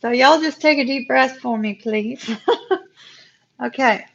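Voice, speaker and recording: Emotional tarot reader with a lilt. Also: female voice, sits high, unhurried, gravelly, lo-fi sound. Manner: emotional, talks to viewers as "y'all". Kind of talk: live-stream tarot reading.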